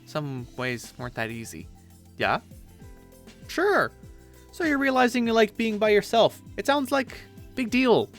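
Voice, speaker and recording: Animated man reading a webcomic aloud. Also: mid-range voice. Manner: expressive, animated. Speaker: webcomic reader.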